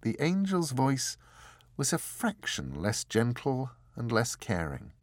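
A man narrating a fantasy novel in an expressive, measured storytelling manner. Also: mid-range voice, dry recording, studio quality. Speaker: audiobook narrator. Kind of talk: scripted fiction narration.

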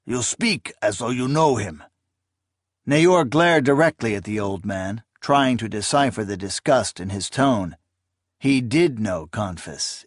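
Dry, measured male audiobook narrator. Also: mid-range voice, dry recording. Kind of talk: scripted fantasy narration.

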